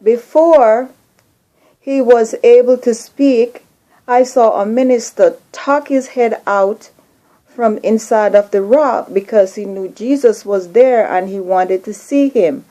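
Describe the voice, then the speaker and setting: Woman host, earnest dream testimony, very slow delivery, higher voice. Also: mellow, poor audio. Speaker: video channel host. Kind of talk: recounting a prophetic dream.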